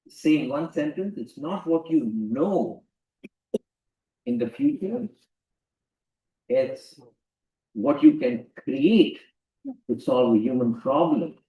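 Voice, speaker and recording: A man's voice: mid-range voice, narrow, tinny audio. A man giving an emphatic lecture to students, often repeating key phrases. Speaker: guest lecturer. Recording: roomy hall, distant mic.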